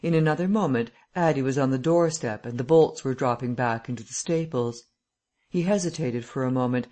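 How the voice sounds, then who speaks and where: A man reading a classic novel aloud as an audiobook narrator, in a steady, measured way. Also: medium pitch. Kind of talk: scripted narration.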